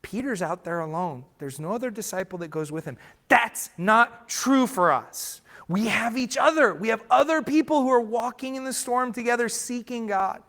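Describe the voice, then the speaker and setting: A man's voice: very high-pitched, expressive, normal speed, hardly any pauses, a bit bright. A man preaching a sermon as pastor, earnest and emphatic, sometimes restarting words mid-phrase. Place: church sanctuary.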